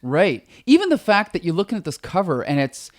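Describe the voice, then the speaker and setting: A man co-hosting a comic book podcast in casual chat, talking with a lozenge in his mouth and getting animated as he retells scenes. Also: sits high, brisk. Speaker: podcast co-host.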